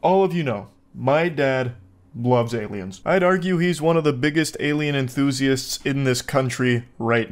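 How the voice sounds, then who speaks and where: A man in his thirties giving casual, sarcastic reaction commentary, swearing freely and mocking what he watches. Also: mid-range voice.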